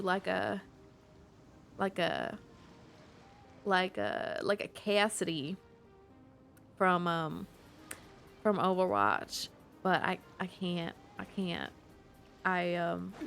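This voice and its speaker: A woman's voice: mid-range voice, gravelly, fairly bright tone, heavily acted. A woman doing a clumsy country cowgirl twang. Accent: put-on Southern US country. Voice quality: self-admittedly clumsy put-on twang, halting. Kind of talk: live stream chat in a put-on accent.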